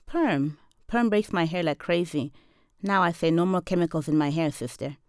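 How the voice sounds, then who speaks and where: A frank young woman hairdresser talks in a blunt, matter-of-fact way, as the woman reading the story voices her. The voice stays close to the reader's own, low-pitched and plain. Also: moderate pace, smooth, no echo, lightly acted.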